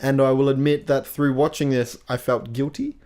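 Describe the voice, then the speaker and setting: A man's voice: mid-range voice, fairly even intonation, moderate pace, dark tone. A young man co-hosting a casual film review podcast, wry and self-deprecating. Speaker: podcast co-host.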